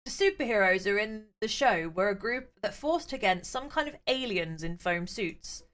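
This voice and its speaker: A woman's voice: animated, moderate pace, a bit bright. A woman streaming a game, chatty and playful, reading story text aloud to her chat. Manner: chatty and playful, reads with varied pitch.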